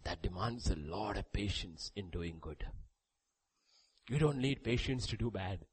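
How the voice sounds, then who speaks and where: A man preaching a sermon, reading scripture aloud, with sudden loud rises and quiet drops. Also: fairly low pitch, a little slow, slight background noise, rough recording. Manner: reads scripture aloud with emphasis.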